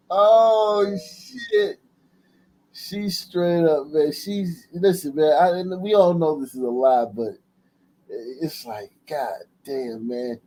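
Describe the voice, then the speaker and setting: A man's voice: fairly high pitch, very slow, dark tone, low-quality recording. A man hosting a livestream, giving blunt, profane commentary and laughing often. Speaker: livestream host.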